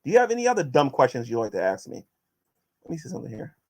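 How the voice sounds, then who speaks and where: A man's voice: mid-range voice, wildly swooping pitch, rapid-fire. A man vlogging as he answers viewer questions and combatively addresses his critics, often restarting his sentences. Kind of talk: casual vlog monologue.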